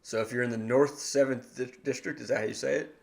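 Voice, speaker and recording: A man hosting a podcast in casual chat, friendly and relaxed, prompting his guest with quick questions. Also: medium pitch, vocal fry. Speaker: podcast host.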